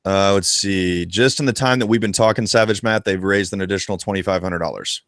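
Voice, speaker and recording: A man co-hosting a casual live discussion about a video game, talking in an excitable, profane and animated way. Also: low voice, fairly quick, no room sound, studio quality. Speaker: co-host of a retro gaming show.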